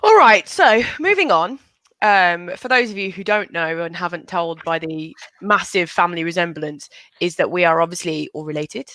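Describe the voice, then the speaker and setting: Young woman hosting, teasing her family, bright voice, dry sound. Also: on the low side, moderate pace, no room sound. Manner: teasing, upbeat. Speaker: host. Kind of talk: casual chat. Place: indoor, video call.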